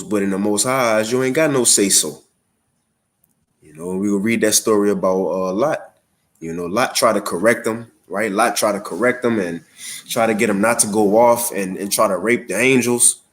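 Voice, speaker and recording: A man giving an online religious lesson in a casual, conversational way, with a cough and frequent fillers. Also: low-pitched. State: has a cough. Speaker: religious teacher.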